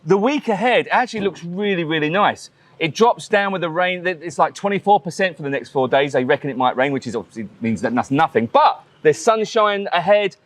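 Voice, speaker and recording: Lively, rambling man co-hosting. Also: on the high side, dry recording. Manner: rambling, self-deprecating, quick bursts. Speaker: co-host. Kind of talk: casual news show chat.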